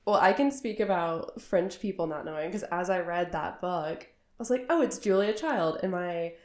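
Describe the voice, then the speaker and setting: Young woman, low voice, bubbly animated chat, roomy echo. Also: normal speed. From United States. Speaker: co-host. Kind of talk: casual chat.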